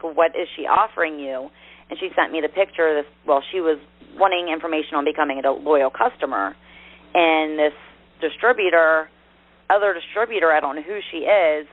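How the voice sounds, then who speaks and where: A woman's voice: deep voice, no echo. Woman, rambling, self-correcting, dry tinny phone audio. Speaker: distributor on a team call. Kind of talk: casual call chat.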